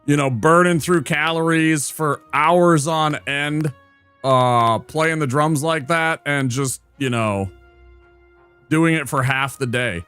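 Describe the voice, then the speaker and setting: A man's voice: fairly high pitch, slow pace, a bit bright, clean tone, soft background music. A man streaming and commenting on a game in a playful, teasing, chatty manner. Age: adult. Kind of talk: casual gameplay commentary.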